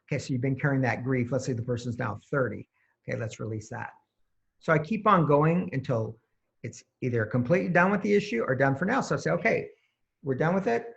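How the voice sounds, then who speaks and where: Guy with a gravelly voice, energy healer guest, explains his process step by step, kinda muffled lo-fi audio. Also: medium pitch, fast talker. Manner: walks through his method step by step, acting out client exchanges. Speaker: holistic energy practitioner, guest. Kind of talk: explanatory interview talk. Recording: dull lo-fi sound.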